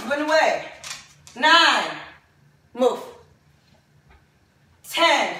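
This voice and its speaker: A high-voiced woman runs a home workout class, counting reps and urging everyone on while she exercises and gets winded. She speaks slowly and brightly. The sound is very echoey, and she is some way from the mic. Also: expressive, distant mic, a little hiss or hum. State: out of breath during exercises. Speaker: fitness instructor. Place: home room with dogs.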